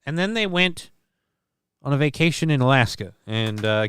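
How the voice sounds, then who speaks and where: A man's voice: medium pitch, lively intonation, moderate pace, fairly bright tone, slight background noise. Sarcastic rambling male streamer. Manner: rambling, sarcastic, swears freely. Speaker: host. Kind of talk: casual comedic news commentary stream.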